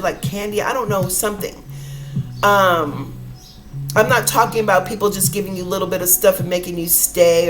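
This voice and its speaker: On a low-quality recording, a woman with a lowish voice hosts an inspirational podcast. Her casual motivational talk rambles along earnestly, and she calls her listeners y'all.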